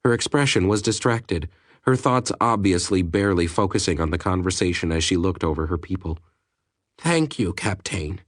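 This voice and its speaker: Male narrator, low voice, dry close mic, measured audiobook reading. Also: steady tone, dry recording. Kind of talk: scripted narration.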